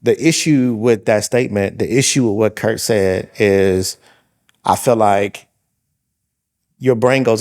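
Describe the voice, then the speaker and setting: A man with a fairly low voice tells a long personal story on a podcast. He is in his forties and talks casually, stopping and restarting his sentences often and leaning on fillers as he goes. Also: slow pace, a little mellow. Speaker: podcast co-host. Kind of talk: casual chat.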